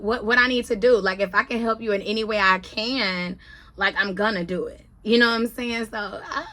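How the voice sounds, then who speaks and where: A woman in her thirties gives a casual vlog update in a bright, high voice. She tells her stories in an animated way and keeps speaking to her viewers as "y'all," slipping into relaxed vernacular. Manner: chatty, animated storytelling, addresses viewers as y'all. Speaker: vlogger.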